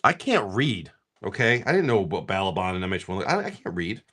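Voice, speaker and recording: A very animated, somewhat bright-voiced young man unpacks trading cards live, rapidly reeling off card names and kidding around with his audience. His voice swings widely in pitch, and his delivery stays loose and rambling.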